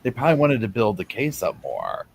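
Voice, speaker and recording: Deep-voiced guy riffing sarcastically on a trial live stream, chatty asides. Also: huge pitch swings, brisk, gravelly, a little hiss or hum. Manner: chatty, sarcastic, acts out people's thoughts in asides. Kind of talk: casual live commentary over a trial stream.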